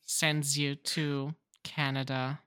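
A woman co-hosting a podcast, teasing her co-host in casual, deadpan chat. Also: rumbling low, slow, clean tone, no echo, clean studio sound.

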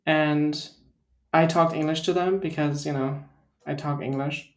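A man's voice: a little high, measured pace, echoey room. A man who speaks English as a second language after German, with an American-sounding German accent, chatting casually on a podcast and rambling with lots of fillers. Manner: rambling, filler-heavy, deadpan. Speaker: podcast co-host. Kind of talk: casual chat, story time.

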